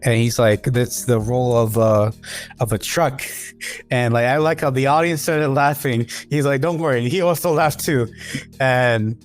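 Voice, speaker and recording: A man's voice: medium pitch, fairly even intonation, normal speed. Man, podcast guest, rambling storyteller, faint music underneath. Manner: rambling storyteller with many fillers and restarts. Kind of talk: casual podcast chat.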